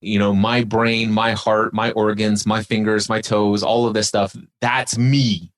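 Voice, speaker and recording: A man's voice: on the low side, little pitch movement, a little slow. A man on a podcast, talking reflectively about spiritual awareness and leading the listener through spoken exercises. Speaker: podcast guest. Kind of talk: casual spiritual conversation.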